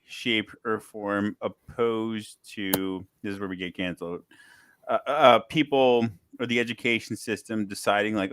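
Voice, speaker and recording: A man hosts a casual podcast, his lowish voice bright and crisp. He tends to repeat words before finding his point. The sound is dry and close, with no room around it. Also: no room sound. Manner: halting, repeats words before getting going. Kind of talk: casual chat.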